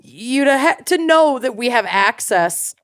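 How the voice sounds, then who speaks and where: A woman's voice: a little high, animated, a little slow, fairly bright tone, dry recording, clean studio sound. A woman co-hosting a podcast, chatting casually and joking, often laughing. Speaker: podcast co-host. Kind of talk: casual chat.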